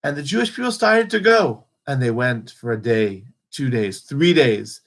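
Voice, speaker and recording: A man's voice: mid-range voice, expressive, moderate pace, vocal fry. A man giving a spoken holiday teaching, telling the story earnestly and acting out the quotes.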